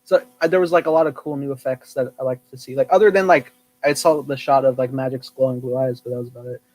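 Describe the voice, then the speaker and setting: A man's voice: medium pitch, fairly even intonation, fast, a little mellow, low-quality recording. A man hosting a podcast, chatting casually about films and acting out his own reactions. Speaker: podcast host. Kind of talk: casual film review chat.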